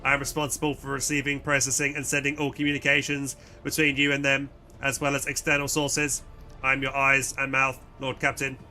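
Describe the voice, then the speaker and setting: A man voicing a female cyborg communications officer in a flat, mechanical robotic voice while reading a game aloud. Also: medium pitch, a little fast. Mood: dutiful.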